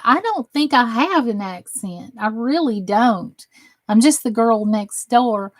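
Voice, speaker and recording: Slow-talking Southern woman streamer. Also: on the high side, no echo. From Southern United States. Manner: folksy, chatty, self-deprecating. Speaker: crafting livestream host. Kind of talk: casual live stream chat reading comments.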